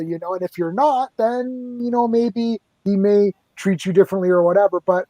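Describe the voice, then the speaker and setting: A man from Canada, a guest in a casual fan interview, who tells his stories in a chatty, lively way. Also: high voice, brisk, hardly any pauses, no echo.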